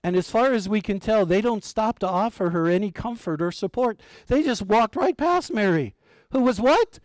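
A man preaching a sermon as pastor, animated, asking his listeners questions and dropping to a near hush for emphasis, with light humor. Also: sits high, moderate pace, few pauses, no room sound. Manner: light humor with an occasional chuckle.

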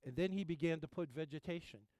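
Earnest male preacher, a bit high. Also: quick pace, no echo. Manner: earnest, emphatic, drops to quiet at phrase ends. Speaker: pastor. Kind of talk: sermon.

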